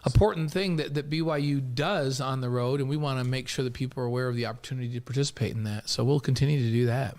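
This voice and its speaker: A man's voice: medium pitch, fast, few pauses, a little mellow. A man co-hosting a sports talk show, chatting and setting up topics with recollections. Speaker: radio show co-host.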